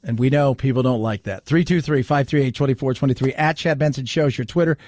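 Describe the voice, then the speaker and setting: A man's voice: mid-range voice, quick pace, darkish tone, no echo, studio quality. A man hosting a talk radio show, delivering an opinionated monologue with sarcastic, mocking asides.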